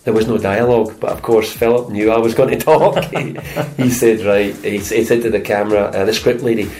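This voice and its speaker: A man's voice: on the low side, fairly even intonation, brisk, a little mellow, a little hiss or hum, poor audio. A middle-aged Scottish man, an actor and stuntman, telling chatty anecdotes in an interview and slipping into voices for the people in them. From Scotland. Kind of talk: casual interview storytelling.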